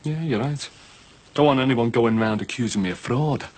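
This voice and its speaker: A man's voice: mid-range voice, moderate pace, a little mellow, close to an everyday voice. A man playing a cocky, jokey mate who eagerly offers to handle the money in a TV soap drama.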